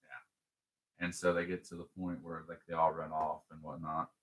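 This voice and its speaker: A man's voice: extremely low pitch, completely flat delivery, moderate pace. A man co-hosting a podcast, retelling a movie scene by scene in casual, rambling chat full of fillers. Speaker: podcast co-host. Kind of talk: casual film-recap chat.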